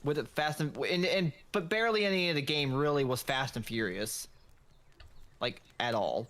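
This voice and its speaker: A man's voice: medium pitch, expressive, moderate pace, a bit bright. A man chatting casually on a late-night gaming stream, rambling with restarts and crude jokes. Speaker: streamer co-host.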